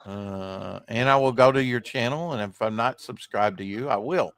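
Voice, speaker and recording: A man's voice: lowish voice, normal speed, a bit bright, no room sound. A man hosting a casual livestream, rambling and joking while reading chat aloud, short on sleep. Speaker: livestream host.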